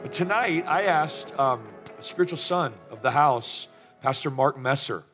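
A man's voice: mid-range voice, lively intonation, unhurried, music in the background. A man, a senior pastor introducing a guest speaker in an affectionate, plainspoken way. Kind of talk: sermon introduction. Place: church stage.

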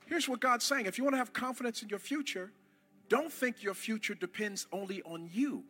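A man preaching a sermon to a church congregation, impassioned, rising to shouts and calling on the crowd to answer. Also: high voice, brisk, breathy edge, soft background music. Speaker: pastor.

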